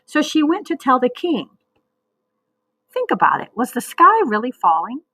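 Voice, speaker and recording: A woman teacher leading a recorded reading lesson for young children, speaking slowly and patiently and sounding out words. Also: high voice, huge pitch swings, sharp tone, dry recording, low-quality recording.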